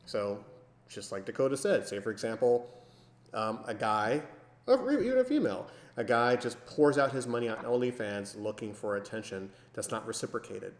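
Man, podcast co-host, animated storyteller who acts out the dialogue, mid-pitched, roomy echo. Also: normal speed. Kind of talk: casual storytelling.

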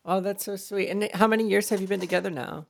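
A woman's voice: medium pitch, fairly even intonation, fast talker, creaky. A woman hosting an interview, asking casual open questions and reacting briefly. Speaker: interviewer host.

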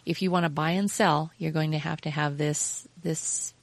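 A woman's voice: low voice, steady tone, normal speed, creaky, no room sound. A woman co-hosting a casual podcast, talking hesitantly and stringing her thoughts together with lots of fillers. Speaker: podcast co-host.

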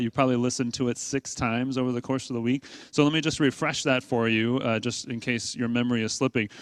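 A man's voice: mid-range voice, clear, resonant tone, no echo. A man preaching a sermon to his congregation in a conversational way, asking rhetorical questions and leaning hard on key points. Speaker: pastor.

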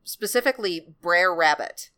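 A woman's voice: fairly low pitch, expressive, moderate pace, pushed and bright, clear, resonant tone. A woman in casual chat, retelling folk tales in a rambling, laid-back way.

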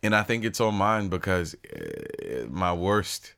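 A man co-hosting a film podcast in casual chat, with a laid-back, drawn-out delivery. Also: low-pitched, huge pitch swings, gravelly, a bit bright. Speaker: podcast co-host.

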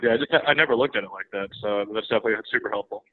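A man's voice: on the low side, very fast. A man on a call with short agreeing replies while being coached. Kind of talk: casual call. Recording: distant muffled phone-call audio.

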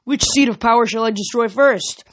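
A reader booming as a gloating titan lord. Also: moderate pace, fairly bright tone, lightly acted.

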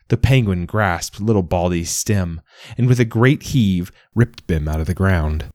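A man narrating a storybook in an expressive, lively reading style. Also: sits low, unhurried, no room sound, studio quality.

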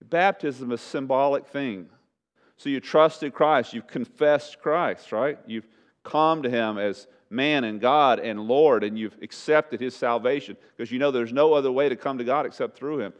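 A man preaching a sermon to a congregation, swinging from loud emphatic lines to hushed pleading and asking them rhetorical questions. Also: medium pitch, normal speed, clean tone, highs cut off. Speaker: pastor.

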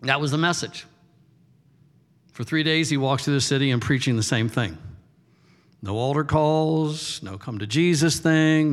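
A man in his fifties preaching a sermon as a pastor, telling stories in a conversational, animated way. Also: on the high side, normal speed. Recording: long hall reverb.

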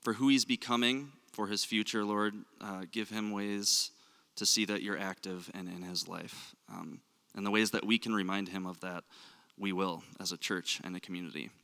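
A man's voice: lowish voice, steady tone, moderate pace, vocal fry, hardly any pauses, sharp tone, clear, resonant tone. A man with a Minnesota accent leading a church service, reading a poem and praying, with casual joking asides and frequent ums. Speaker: director of student ministries. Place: church sanctuary. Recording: long hall reverb in a church.

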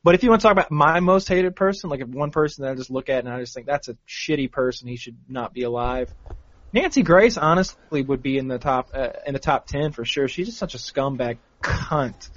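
A man's voice: medium pitch, animated, fairly quick, fairly bright tone. A man chatting casually on a podcast, blunt and matter-of-fact, sometimes crude. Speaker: podcast co-host. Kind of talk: casual chat. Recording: dull lo-fi dry recording.

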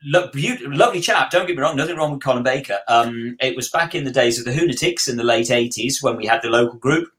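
A man's voice: mid-range voice, fast, few pauses, a bit bright. A man co-hosting a podcast, chatting casually and telling a self-mocking anecdote. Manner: self-deprecating storyteller. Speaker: podcast co-host. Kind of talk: casual chat.

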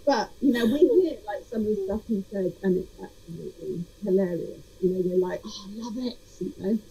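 A woman's voice: mid-range voice, a little fast, creaky, mellow, breathy edge. A woman hosting an interview, chatting in a friendly, talkative way with rambling asides. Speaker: host. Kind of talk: casual interview chat. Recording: dull lo-fi sound.

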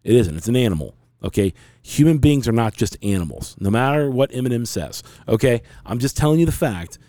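Man, middle-aged, podcast host, frank, rambling, mellow tone. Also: medium pitch, expressive, a little fast, dry recording, clean studio sound. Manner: rambling, frank, with many restarts. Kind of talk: casual talk show storytelling.

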